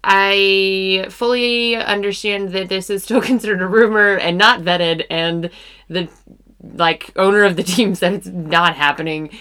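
Young female co-host, mid-pitched, rambling, self-interrupting casual chat. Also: steady tone, unhurried, bright, forceful tone, smooth. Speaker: podcast co-host.

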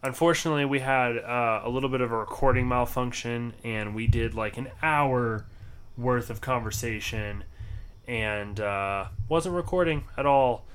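A man's voice: mid-range voice, fairly bright tone, clean tone. Laid-back male podcast co-host. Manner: laid-back, drawn-out delivery with fillers. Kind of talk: casual podcast chat.

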